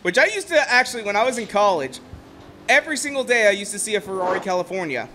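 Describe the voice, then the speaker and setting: Brief: young male streamer, high, bright voice, excitable and rambling, casual game chat. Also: fast talker, faint music behind. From Ohio, USA. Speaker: gameplay streamer. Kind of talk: casual gameplay commentary.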